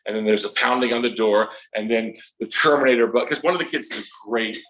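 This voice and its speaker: A man in his fifties tells comic stories as a guest author, slipping into quick character bits as he goes. His voice is bright and sits at a middling pitch. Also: poor audio. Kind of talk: animated storytelling.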